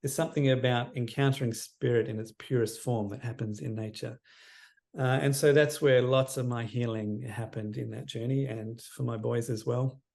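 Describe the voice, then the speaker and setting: A man in his fifties, a counsellor guest on a podcast interview, telling a personal story in an earnest, reflective way that often trails off quietly. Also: mid-range voice, fairly even intonation, moderate pace, creaky. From Australia.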